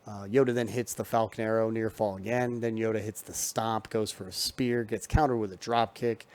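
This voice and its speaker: A man's voice: lowish voice, fairly even intonation, normal speed, a little mellow. A man giving a casual, loose recap of wrestling matches, full of ums and restarts, recorded at home. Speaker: wrestling show reviewer.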